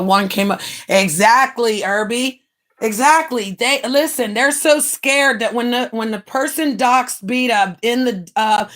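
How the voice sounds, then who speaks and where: A woman hosting her own livestream, ranting in a brash, profane, mocking way with sudden bursts of shouting. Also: mid-range voice. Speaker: livestream host.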